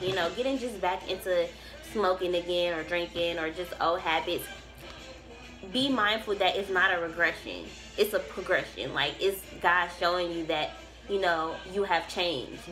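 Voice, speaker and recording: A woman gives a casual tarot reading to camera, talking emphatically, profanely and preachily while rambling and restarting her sentences. Her voice is on the low side with a fairly bright tone.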